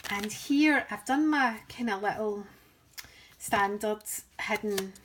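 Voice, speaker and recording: A woman's voice: mid-range voice, takes it slowly, fairly bright tone, slight background noise. A woman from the United Kingdom chatting through a craft project in a casual, rambling, self-deprecating way. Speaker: craft vlogger. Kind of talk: casual craft show-and-tell.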